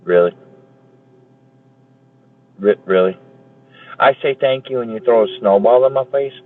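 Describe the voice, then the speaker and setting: A man bantering with his live-stream viewers, swearing freely and laughing things off. His pitch sits in an ordinary middle range. The sound is thin and tinny, like a phone call. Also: a little slow. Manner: profane, jokey banter with chat.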